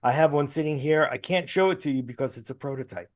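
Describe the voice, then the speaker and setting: A man as a guest telling relaxed anecdotes over a video call, often restarting his sentences. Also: on the high side, fast talker. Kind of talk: casual interview storytelling.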